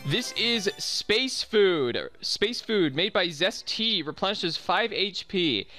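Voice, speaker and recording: A man's voice: sits high, sing-song, takes it slowly, pushed and bright, faint music behind. A man casually explaining his gameplay in recorded commentary, correcting his own earlier mistakes. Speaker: let's play commentator.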